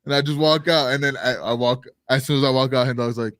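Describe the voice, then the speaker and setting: Male co-host, mid-pitch, lively raconteur who swears and shouts out quoted lines, dry studio sound. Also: quick pace, no room sound. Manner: animated, swears a lot, acts out quotes loudly. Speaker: podcast co-host. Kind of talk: casual storytelling chat.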